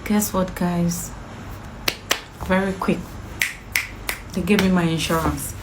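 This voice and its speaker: A woman's voice: lowish voice, fairly even intonation, slow pace, background noise. A woman vlogger telling a personal story to camera in an indignant, emphatic way, firing off repeated questions.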